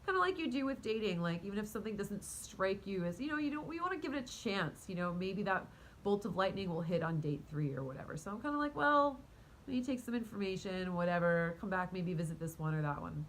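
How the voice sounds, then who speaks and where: A woman casually telling a story to her viewers in a rambling, animated way, full of fillers, restarts and quick laughs. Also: mid-range voice, slight background noise, low-quality recording. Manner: talks to her cat mid-story. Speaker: vlogger and spiritual coach.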